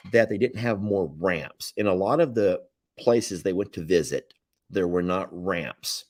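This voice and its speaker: Man, southern American accent, very low voice, dry close sound, folksy live-stream chat, rambling and chuckling. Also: no echo.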